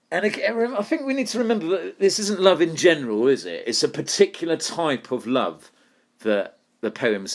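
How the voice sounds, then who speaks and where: A man teaching a poetry lesson, thinking aloud and putting questions to his students. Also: lowish voice. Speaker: English literature teacher.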